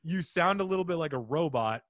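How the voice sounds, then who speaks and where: A man's voice: fairly high pitch, animated, fairly quick, a bit bright, dry recording, studio quality. A man hosting a casual interview, telling stories animatedly and slipping into silly voices. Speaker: host.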